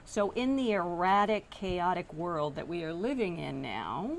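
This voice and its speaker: A woman's voice: on the low side, expressive, unhurried, slight background noise. A woman TV news anchor chatting casually on air, explaining things to viewers and laughing along with her co-host.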